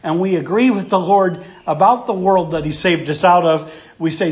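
A pastor preaching an expository sermon, earnestly teaching through a passage verse by verse and asking rhetorical questions. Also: male voice, sits high, normal speed.

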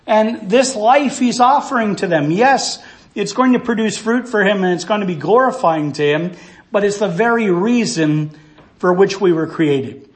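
A pastor preaching an expository sermon, earnestly teaching through a passage verse by verse and asking rhetorical questions. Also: male voice, sits high, expressive, normal speed.

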